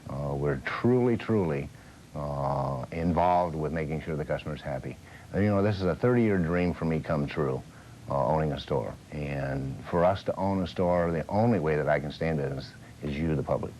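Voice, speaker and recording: A man's voice: rumbling low, moderate pace, a little mellow. A male car dealership owner talking sales on a TV show, earnest, with many fillers. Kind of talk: sales talk on TV. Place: TV studio. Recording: old TV broadcast with faint hiss.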